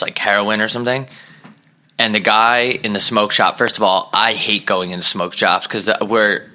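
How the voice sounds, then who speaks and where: A young man chatting casually as a podcast host, telling stories and mimicking people in goofy high voices. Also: pushed and bright. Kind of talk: casual chat.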